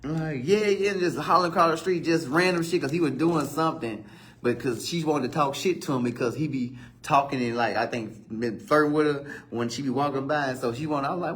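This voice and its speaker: A man's voice: a little high, brisk. A man in his thirties from Virginia, hosting a live talk show and rambling through street stories with lots of profanity. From Virginia, USA. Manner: rambling storytelling with profanity and animated quoted outbursts. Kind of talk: casual live-stream monologue.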